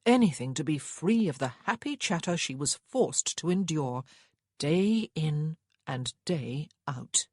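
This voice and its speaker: A woman reads a historical romance with measured storytelling and a lively, rising and falling pitch. Her voice is breathy and sits close and dry, with no room sound. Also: no echo. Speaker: audiobook narrator. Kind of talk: scripted narration.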